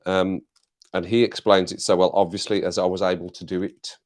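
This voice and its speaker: A man's voice: low voice, flat delivery, a little fast. An English man hosting a casual live stream, chatting to viewers in a rambling way, repeating phrases and laughing often.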